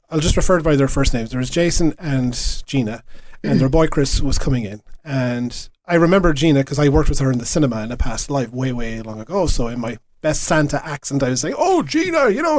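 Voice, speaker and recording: A man's voice: medium pitch, fairly quick, darkish tone, no room sound. Man, radio staff, earnest storyteller, casual podcast chat, dry studio mic. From Ireland. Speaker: radio station staff member.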